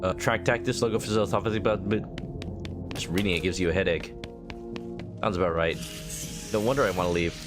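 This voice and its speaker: A man's voice: low-pitched, fairly even intonation, fairly quick, pauses often, over music. A male game streamer reading game text aloud and joking, slipping into a mock southern drawl.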